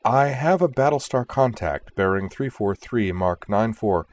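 A man voicing a slow, precise sensor officer. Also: lowish voice, animated, slight background noise, voice pushed up. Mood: matter-of-fact. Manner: measured, slow and matter-of-fact. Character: calm, precise male scanner officer pilot.

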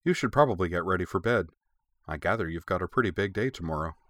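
A man's voice: low voice, expressive, fast talker, fairly bright tone, no echo. A man voicing a caring, wry middle-aged mother who teases her husband and speaks patiently to her daughter. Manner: teasing, patient.

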